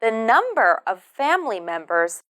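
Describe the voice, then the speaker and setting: A woman teaches English to beginners in a slow pronunciation drill, patiently repeating words syllable by syllable. Her voice is on the high side and a bit bright, very animated yet kept to a measured pace.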